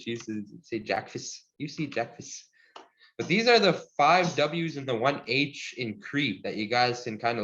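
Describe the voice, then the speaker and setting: A man's voice: mid-range voice, muffled recording. Encouraging man teaching over video call. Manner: relaxed, encouraging, laughs often. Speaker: language teacher. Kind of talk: online language lesson.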